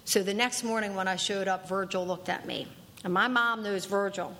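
A woman's voice: mid-range voice, normal speed, pushed and bright, a little hiss or hum. A woman giving a personal testimony at a recovery meeting, earnest and emphatic, repeating key lines for weight. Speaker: speaker sharing at a recovery meeting.

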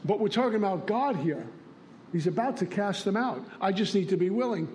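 Plainspoken New man, fairly high voice, sharing recovery stories with slight hiss behind. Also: expressive, a little fast, a little mellow. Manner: storytelling, plainspoken, acts out dialogue. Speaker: recovery meeting speaker. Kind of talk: recovery share.

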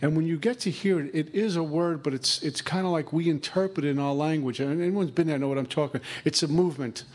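Man, recovery talk, slightly high voice, conversational, acts out inner dialogue. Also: fast talker, hardly any pauses, darkish tone. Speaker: recovery speaker.

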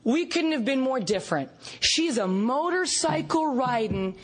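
A woman from Canada giving an animated recovery meeting share, storytelling with laughs and acted-out quotes. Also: high voice, a little slow, husky. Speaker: recovery fellowship speaker.

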